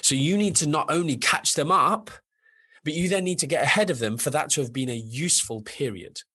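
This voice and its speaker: A man talking as a guest on a podcast, animated and rambling, full of restarts and sudden jumps in pitch. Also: brisk, slightly rough. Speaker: nutritionist guest. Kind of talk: casual podcast chat.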